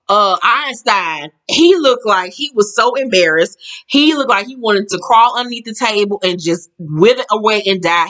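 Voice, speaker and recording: A woman casually recapping a reality show episode, animated and slangy, laughing and acting out the quotes. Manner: animated, laughing, acts out quotes in a higher pitch; slangy and profane, says child and girl.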